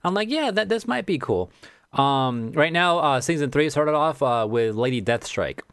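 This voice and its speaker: A man's voice: on the high side, animated, normal speed, fairly bright tone, clear, resonant tone, no echo, studio quality. A man co-hosting a casual podcast, rambling through stories, laughing often and swearing freely. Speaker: podcast co-host. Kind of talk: casual chat.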